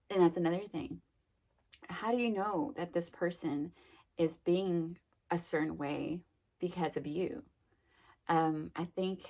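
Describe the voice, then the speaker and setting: A woman's voice: low voice, darkish tone. A young adult woman giving a casual, rambling self-help talk, full of fillers and acted-out quotes. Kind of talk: casual monologue.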